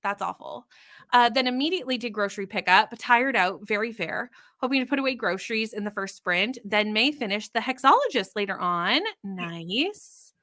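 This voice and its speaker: A Canadian woman hosts a casual live stream, greeting viewers one by one and reading their comments aloud. Her voice sits high and sounds bright and clear. She keeps the talk light and conversational. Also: lively intonation, normal speed. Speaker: livestream host.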